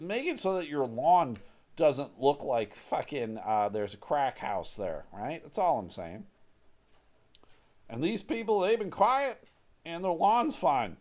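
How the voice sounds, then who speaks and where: A man's voice: fairly high pitch, a little mellow. A man in a casual, rambling monologue, joking and swearing freely as he tells a neighborhood story. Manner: profane, joking, self-mocking.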